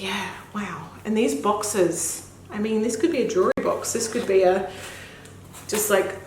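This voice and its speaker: A woman's voice: mid-range voice, slight background noise. A young woman and mother, gushing and gasping through a makeup unboxing vlog. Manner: gushing, gasps often, effusive exclamations. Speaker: beauty vlogger and mother. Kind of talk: excited unboxing chat. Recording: echoey room with faint ambience.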